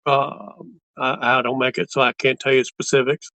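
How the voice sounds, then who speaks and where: A man's voice: mid-range voice, little pitch movement, moderate pace, sharp tone, no room sound, poor audio. A man hosting a casual interview, easygoing and a little hesitant as he reads out viewer questions. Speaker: interview host.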